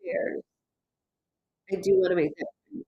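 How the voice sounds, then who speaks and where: A woman giving a live-streamed psychic reading in an animated, rambling way, with many fillers and restarts. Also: medium pitch, measured pace, vocal fry, slightly rough, no echo, dull audio. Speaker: psychic medium.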